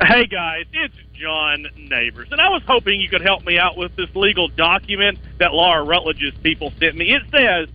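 Male performer as a slow-witted, puzzled caller, soft delivery, muffled radio audio. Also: sits high, expressive. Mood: dopey, puzzled. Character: goofy clueless man asking for legal help.

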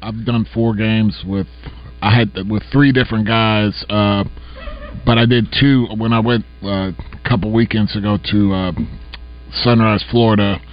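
A man calling in from home to a radio show, answering in halting, stammering phrases. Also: lowish voice, level tone, soft background music. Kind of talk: casual remote call-in chat. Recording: dull lo-fi remote line.

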